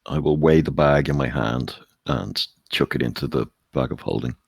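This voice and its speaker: A man playing a tabletop game, speaking in a measured, formal way when in character. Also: rumbling low, vocal fry, slightly rough, no echo. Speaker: player.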